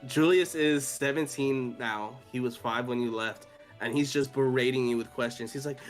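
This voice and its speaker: A man's voice: mid-range voice, normal speed. A young man narrating as game master of a tabletop game, casual and full of fillers. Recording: faint music behind voice.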